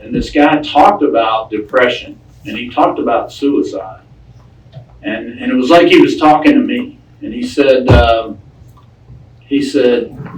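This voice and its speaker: A man's voice: mid-range voice, far from the mic. A man sharing his recovery story with a group in a folksy, plain-spoken way, often repeating his words. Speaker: recovery speaker. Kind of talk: personal recovery talk to a group. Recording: echoey room, speaker off-mic.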